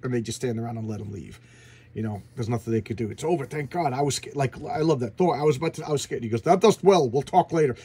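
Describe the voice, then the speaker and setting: Guy rambling excitedly about old comics, kinda husky, stumbles over words. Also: medium pitch, quick pace. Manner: excitable, gushing, repeats words. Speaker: comic book channel host. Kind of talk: casual comic book review.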